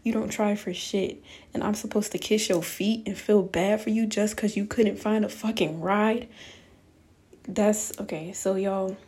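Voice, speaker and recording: A young woman recounts a falling-out straight to her viewers in a casual storytime rant. Her voice sits at a middling pitch with a mellow, darker tone. She is blunt and profane and sounds thoroughly fed up. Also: fairly even intonation, a little slow. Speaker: vlogger.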